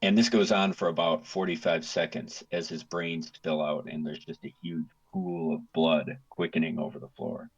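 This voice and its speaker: A man narrating as game master of a tabletop game, telling the scene in vivid, unhurried detail. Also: extremely low pitch, steady tone, breathy edge, dull audio.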